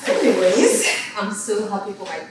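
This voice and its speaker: A woman's voice: mid-range voice, close to an everyday voice. An actress playing a doting, gushing mother with a Nigerian accent in a film drama. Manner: gushing, slow. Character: doting proud mother praising her daughter. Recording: distant, very echoey, with crowd.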